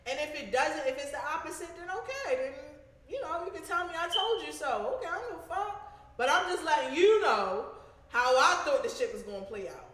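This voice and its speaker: Blunt high-voiced woman in an echoey room. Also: brisk. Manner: blunt, animated, profane. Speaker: show host. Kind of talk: casual storytelling chat.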